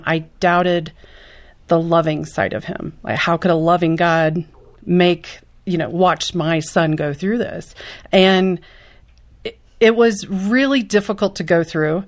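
A woman as an interview guest, a mother of a child with special needs, answering in an earnest, emotional and open way. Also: on the low side.

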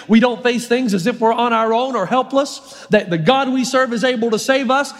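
A man delivers a sermon with a notably high voice, animated and storytelling. He acts out lines as he goes. A long reverb trails every phrase from the big church hall. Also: moderate pace, hardly any pauses. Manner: animated storytelling, acting out quotes. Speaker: pastor.

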